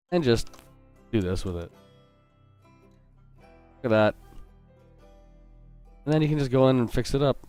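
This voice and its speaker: A game artist hosts a live drawing stream, greeting viewers and cracking jokes as he sketches, often interrupting himself in his chatty, upbeat way. His voice is mid-range with a darkish tone, and there's no room sound.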